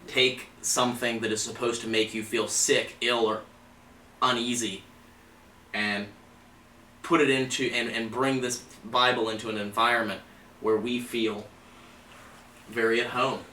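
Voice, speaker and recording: A man investigating a haunted object in his own old house, speaking emphatically with halting restarts. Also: mid-range voice, little pitch movement, pushed and bright. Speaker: paranormal investigator. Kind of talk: live investigation chat. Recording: roomy, distant, faint background noise.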